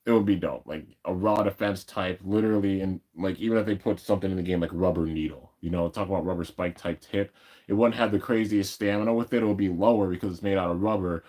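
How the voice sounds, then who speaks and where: Deep-voiced excited young streamer man. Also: fast. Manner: rambling and excited, heavy use of "like". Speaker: YouTuber reacting to an anime episode. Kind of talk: casual live-stream chat. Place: at home with his dogs.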